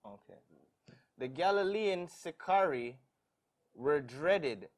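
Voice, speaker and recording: A man reading passages aloud in a church Bible study, haltingly, stumbling over words. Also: fairly high pitch, animated.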